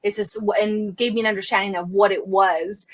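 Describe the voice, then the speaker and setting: A woman crime scene investigator telling her story as an interview guest, animated and quick, acting out the dialogue she recalls. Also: medium pitch. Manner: animated, fast-talking, reenacts dialogue. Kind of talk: candid conversational storytelling.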